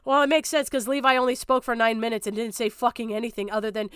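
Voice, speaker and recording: A woman streamer tears into a video in a blunt, swearing rant. Her voice sits a bit high and comes through smooth and clear. The recording is close and dry. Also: fast, hardly any pauses, a bit bright, no room sound. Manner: blunt, swearing, ranting, mocking impressions. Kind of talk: profane livestream commentary.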